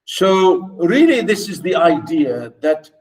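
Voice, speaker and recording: A male lecturer whose first language is Arabic, teaching a university class slowly and repetitively, speaking straight to his students. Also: fairly high pitch, very animated, a little mellow, distant mic, low-quality recording. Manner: slow, repetitive, addresses students directly.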